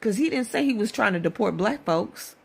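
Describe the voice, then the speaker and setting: A woman's voice: medium pitch, lively intonation, a little fast, gravelly, husky. A woman delivering a blunt, profane, scolding rant in a casual video. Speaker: social media commenter.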